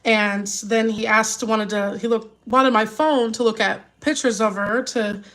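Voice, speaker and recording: Talking live with her viewers, a vlogger and mother rambles in a worried way, repeatedly starting over and seeming on the verge of tears. Her voice is fairly high and fairly bright, with a steady tone and a measured pace.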